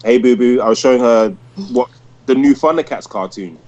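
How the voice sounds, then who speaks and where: A man in his thirties chats casually on a podcast, full of enthusiasm. He rambles and restarts often and leans on "like". His voice sits at an ordinary middle pitch. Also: a little fast, dark tone, lo-fi sound. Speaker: podcast host. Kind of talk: casual podcast review chat.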